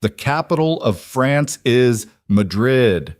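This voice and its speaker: A man's voice: medium pitch, animated, takes it slowly, darkish tone, no room sound, clean studio sound, pitched above the performer's own voice. A man voicing a nervous teenage girl student who speaks hesitantly. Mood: blurting. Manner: wobbly, hesitant.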